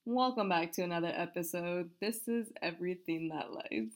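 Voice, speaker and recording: Over soft background music, a woman with a lowish voice hosts a casual podcast at a moderate pace. It's narration with outtakes: she trips over words, fixes them, and says sorry into her desk mic.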